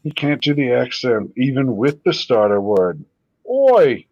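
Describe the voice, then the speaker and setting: A man hosts a casual livestream, chatting loosely with frequent swearing and quick laughs. His voice is medium-pitched, and the recording is muffled with no echo.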